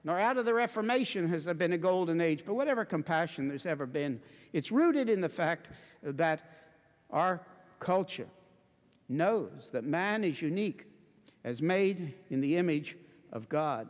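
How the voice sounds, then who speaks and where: A high-pitched man preaches with lively, swooping intonation, pressing each point home with impassioned emphasis. His voice rings out in a church, trailed by a long reverberant hall echo. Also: normal speed. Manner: impassioned, emphatic, building to forceful declamation. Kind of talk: sermon. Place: church before a congregation.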